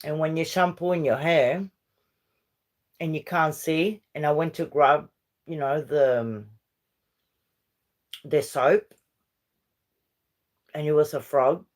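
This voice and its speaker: A middle-aged woman hosts a relaxed livestream chat with viewers. She talks at an unhurried pace and wanders from story to story. She drifts easily between English and her Spanish. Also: low voice. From Uruguay. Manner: rambling and chatty, switching between English and Spanish. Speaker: livestream host chatting with viewers. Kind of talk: casual live-stream chat.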